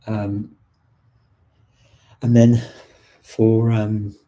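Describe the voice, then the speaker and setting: Hosting a live stream, a man answers viewer questions casually and chattily, with lots of ums, restarts, and light laughs. He talks very slowly in a low, level, dark voice, and the audio quality is poor.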